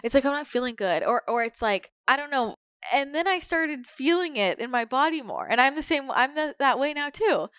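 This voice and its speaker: A woman's voice: high voice, animated, normal speed, a bit bright, no room sound, clean studio sound. A woman talking candidly in a casual podcast chat, swearing now and then and acting out her own inner voices. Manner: candid, swears, acts out quotes.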